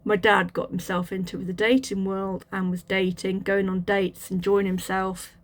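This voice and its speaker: A woman telling her personal testimony in a halting, reflective way, with restarts and fillers. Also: mid-range voice, level tone. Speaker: channel host sharing a testimony.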